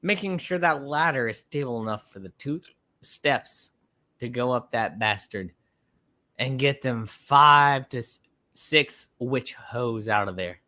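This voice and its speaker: A man's voice: medium pitch, expressive, unhurried, bright, forceful tone. A man hosting a live stream, giving rambling, sarcastic commentary while fighting off hiccups. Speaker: podcast host reacting to a stream.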